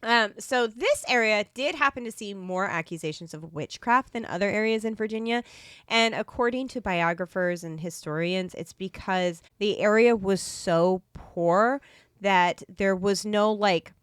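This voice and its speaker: A woman's voice: mid-range voice, measured pace, fairly bright tone, clear, resonant tone, dry recording. Casual co-host: middle-aged woman, chatty and amused, close dry mic. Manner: chatty storyteller, laughs often. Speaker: podcast co-host telling the story. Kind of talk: casual chat.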